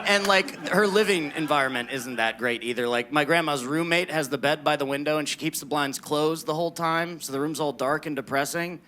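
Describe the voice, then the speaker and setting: A man from the United States performing a self-deprecating, deadpan stand-up set on a club stage. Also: on the high side, brisk, few pauses. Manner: deadpan, self-deprecating, acts out others in quoted asides. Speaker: stand-up comedian. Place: comedy club stage before a laughing crowd. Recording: live club recording with audience noise.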